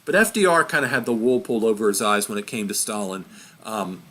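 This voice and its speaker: A man's voice: lowish voice, lively intonation, a little fast, fairly bright tone. A man giving an informal history lesson, chatty and self-correcting as he points at a map. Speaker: history teacher.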